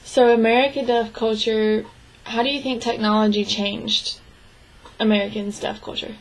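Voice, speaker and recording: A young woman interpreting a signed interview into spoken English, speaking in short, halting phrases with restarts and frequent throat clearing. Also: a little high, fairly even intonation, low-quality recording. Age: young adult. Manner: clears her throat often. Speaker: sign language interpreting student.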